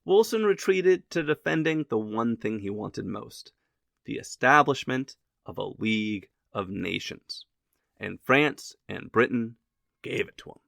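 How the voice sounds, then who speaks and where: A man narrating a history lesson from a script in a lively, wisecracking way. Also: medium pitch, a little slow, creaky, dry recording, clean studio sound.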